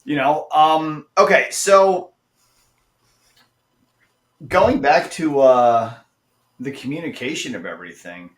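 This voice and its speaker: A man hosting a casual podcast, blunt and profane, speaking with confidence. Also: on the high side. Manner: blunt, profane, quick to agree. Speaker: podcast host. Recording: echoey room.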